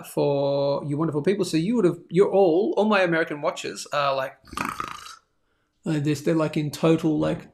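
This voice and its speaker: A man's voice: fairly high pitch, vocal fry. A man hosting a daily live stream, chatting casually and rambling as he reads out viewer comments. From Australia. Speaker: host of a daily live show.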